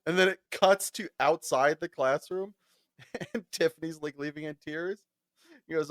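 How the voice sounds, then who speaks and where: A man's voice: on the high side, unhurried, creaky, no echo, studio quality. A man co-hosting a casual podcast chat, laughing often and acting out quoted lines as he retells scenes. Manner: animated, laughs often, acts out quoted voices. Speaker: podcast co-host.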